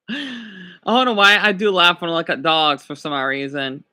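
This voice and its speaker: A man's voice: high voice, steady tone, pushed and bright. A man chatting casually on a livestream, gushing and drawing out his words. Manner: gushing, drawn-out swoops when cooing over dogs.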